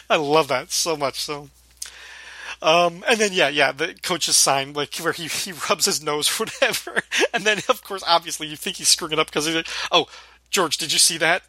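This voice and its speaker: Bright-voiced man in animated chat. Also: a little high, moderate pace, no room sound. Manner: animated, acts out lines, laughs often. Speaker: podcast co-host. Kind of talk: casual chat recapping a sitcom episode.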